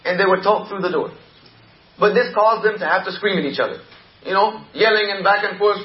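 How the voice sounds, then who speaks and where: A man's voice: high voice, fairly quick, reverberant, highs cut off. A male preacher telling a story in a sermon, with repetitive, emphatic delivery.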